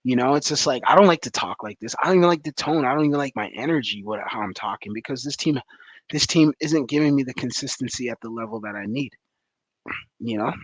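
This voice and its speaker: A man's voice: mid-range voice, quick pace, no room sound. Frustrated man ranting after a game. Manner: frustrated, rambling with many fillers. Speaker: sports fan commentator. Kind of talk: post-game reaction rant.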